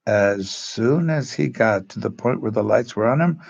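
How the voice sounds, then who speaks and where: Gravelly low-voiced man telling stories. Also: lively intonation, a little mellow, dull audio. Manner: rambling, halting, acts out quotes in changed voices. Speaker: drama teacher. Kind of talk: storytelling, casual talk.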